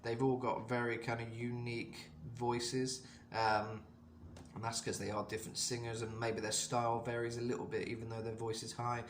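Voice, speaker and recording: A man's voice: medium pitch, little pitch movement, normal speed, reverberant, a little hiss or hum. A man giving a casual singing lesson and explaining vocal technique in loose, rambling talk full of fillers. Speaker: vocal coach.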